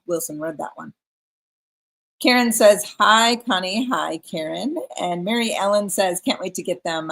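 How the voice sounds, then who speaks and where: On her live craft stream, a woman with a fairly low-pitched but fairly bright voice chats in a relaxed way. She also reads viewer comments out loud.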